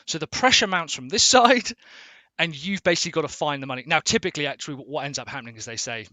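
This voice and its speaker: A man's voice: fairly high pitch, lively intonation, fast talker, pushed and bright, dry recording. A man who explains things in a casual, informal way. He swears now and then and keeps checking in with "right?". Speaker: explainer video host.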